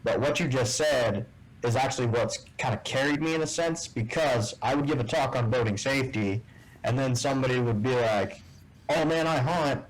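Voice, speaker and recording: A man as a guest in a casual interview, telling a story and acting out the dialogue with lively shifts in voice. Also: medium pitch, brisk, low-quality recording. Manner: animated storyteller who acts out quoted dialogue. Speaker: guest, tournament bass angler.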